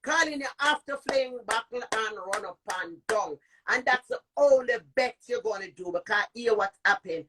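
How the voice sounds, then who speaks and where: A middle-aged woman with a Jamaican accent, ranting on a live stream, cursing, shouting and repeating taunts. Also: a little high, expressive, moderate pace, few pauses, background noise. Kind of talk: heated live-stream rant. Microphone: phone.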